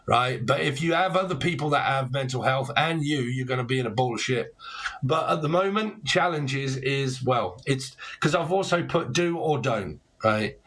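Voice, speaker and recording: A man's voice: mid-range voice, a bit bright, husky. A man giving a casual tarot reading, talking bluntly and rambling, with plenty of swearing and slang. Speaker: tarot reader.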